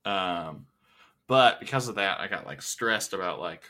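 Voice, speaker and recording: A man's voice: deep voice, animated, a little slow, sharp tone. A man co-hosting a movie podcast, chatting casually with a joking, sarcastic manner. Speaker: podcast co-host. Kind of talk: casual chat.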